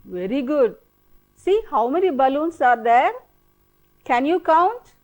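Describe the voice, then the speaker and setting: A woman teacher with an Indian English accent, speaking high and sing-song with lively rises and falls. She works slowly and patiently, repeating each word and coaxing the class to say it back. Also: rough recording. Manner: slow, repetitive, coaxing drill-style prompting. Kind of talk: televised classroom English lesson.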